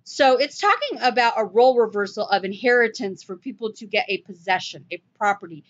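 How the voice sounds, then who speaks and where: A woman's voice: on the high side, a little fast. A woman giving a conversational Bible study in an emphatic way. She sometimes stops to correct herself. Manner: animated, emphatic, self-correcting. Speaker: Bible teacher. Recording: dull lo-fi recording.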